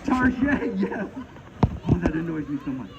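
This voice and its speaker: A man's voice: a little high, moderate pace. A middle-aged man from Maine doing a live comedy juggling show outdoors, bantering and joking with the crowd. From Maine, USA. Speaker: juggling performer. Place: outdoors at a pond. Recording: muffled outdoor recording with loud background noise.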